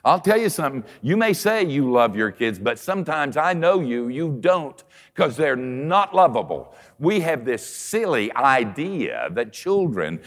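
Older male preacher, lively storyteller. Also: mid-range voice, measured pace, few pauses. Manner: folksy storytelling, swings from soft to emphatic. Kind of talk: conversational sermon.

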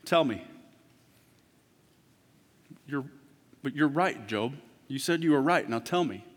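A man preaching a sermon as pastor, moving from hushed, intimate talk to loud, impassioned preaching. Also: medium pitch, animated, slow pace. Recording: long hall reverb.

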